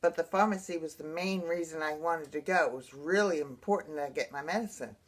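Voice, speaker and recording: A woman's voice: sits low, a little fast. A woman, earnestly telling a rambling personal story to her viewers. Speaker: blogger sharing personal experience. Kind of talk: casual personal storytelling to camera.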